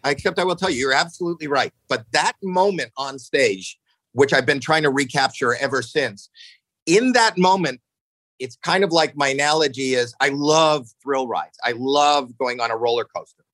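A man in his sixties telling stories casually on a podcast, animated, jumping into acted-out quotes, swearing freely, often restarting his sentences. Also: normal speed, no echo, low-quality recording. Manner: animated, acts out quotes with jumps in pitch. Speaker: podcast guest. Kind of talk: casual storytelling chat.

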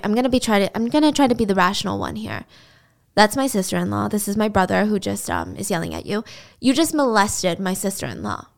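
A woman voicing a calm, persuasive young con man who plays the reasonable one. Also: medium pitch, creaky.

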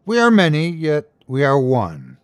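Male narrator doing an ancient horned creature for a horror story, slow and measured, lively swoops in pitch, dry close sound. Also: no room sound. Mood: calm, menacing. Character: ancient horned inhuman being, calm and curious.

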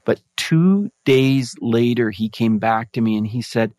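A man's voice: mid-range voice, measured pace, hardly any pauses, darkish tone, dry recording. A man speaks as an interview guest, sincere and reflective as he tells a story from his teaching days. He often restarts a phrase before carrying on. His voice sits in a middle range and sounds dry and close. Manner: earnest, reflective, with frequent restarts. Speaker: guest, former music teacher.

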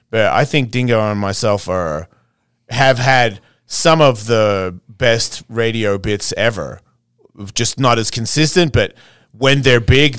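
Australian man, podcast guest, blunt and profane, smooth resonant voice, dry close sound. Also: mid-range voice, a bit bright, no room sound. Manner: blunt, swears freely, laughs often. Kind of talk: casual interview chat.

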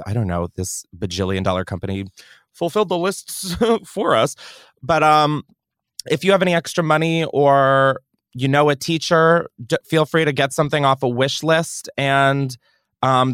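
A young man hosts a podcast from a studio, rambling through casual chat with crude jokes and self-mockery. His voice sits at an ordinary middle pitch. The recording is close and dry, with no room sound. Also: fairly bright tone, clear, resonant tone, no room sound. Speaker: podcast host.

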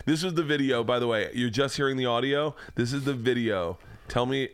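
A man's voice: medium pitch, fairly quick, few pauses, smooth, no room sound. A man hosting a podcast, chatting casually and telling stories, swearing freely and laughing as he talks. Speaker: podcast host. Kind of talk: casual chat, storytelling. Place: home man cave.

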